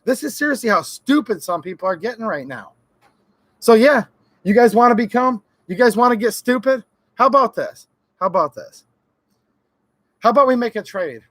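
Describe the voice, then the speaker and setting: A man's voice: extremely high pitch, lively intonation, normal speed, long pauses, fairly bright tone, dry recording. A man hosting a live Q&A stream, ranting heatedly and sarcastically, sometimes mocking the voices of others.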